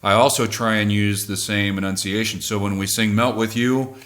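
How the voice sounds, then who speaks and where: Low-voiced cover band singer explaining. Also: male voice, steady tone, fairly bright tone. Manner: measured, thoughtful, self-correcting. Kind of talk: explaining music production.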